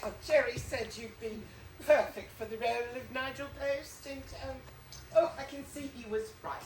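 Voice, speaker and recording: A woman's voice: on the high side, steady tone, close to an everyday voice. An actress playing a gushing, fluttery woman who runs a playhouse, stammering and giggly, in a live stage play. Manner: stammering, giggly, drawn-out theatrical delivery. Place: theater stage. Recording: echoey stage, distant mic, faint hiss.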